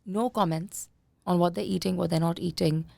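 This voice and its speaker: Woman, parenting coach, podcast guest, calm coaching tone, gravelly, dry room. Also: lowish voice, moderate pace, no room sound. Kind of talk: podcast interview.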